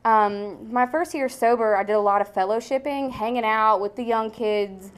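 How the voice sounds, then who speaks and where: A woman's voice: on the high side, normal speed, clear, resonant tone. Blunt young woman telling a recovery story. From American South. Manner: blunt and frank, with casual swearing and many fillers. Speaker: speaker sharing recovery story. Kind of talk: candid personal testimony.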